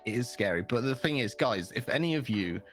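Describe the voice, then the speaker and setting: A young man chats on a podcast and tells a long, rambling story full of swearing. His voice sits at an ordinary middle pitch for a man. Faint music plays quietly behind him. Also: brisk. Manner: rambling, animated storyteller who swears freely. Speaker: podcast co-host. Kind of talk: casual podcast chat.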